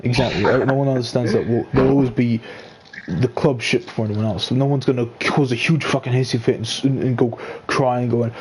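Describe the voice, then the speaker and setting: A man's voice: mid-range voice, fairly quick, darkish tone, slight background noise. A man in casual podcast chat, talking bluntly with heavy swearing and getting heated. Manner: blunt, profane, gets heated. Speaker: club member on a podcast.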